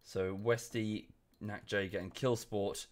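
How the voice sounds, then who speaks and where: A man's voice: on the low side, fairly even intonation, slow. A young man giving casual live-stream commentary on a strategy game at home, chatty, easily distracted and apologetic. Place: room at home.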